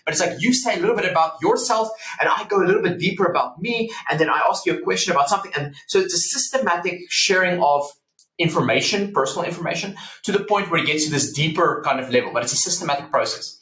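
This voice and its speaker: A man talking as a psychology professor guest in a casual podcast interview, explaining earnestly with lively anecdotes and many ums. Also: high-pitched, fast talker. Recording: roomy echo.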